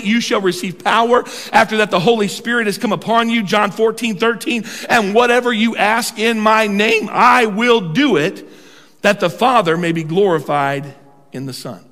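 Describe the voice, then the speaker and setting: Older man, pastor; high-pitched, animated preacher who stretches his words, heard in a reverberant sanctuary. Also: brisk. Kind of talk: sermon. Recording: long hall reverb.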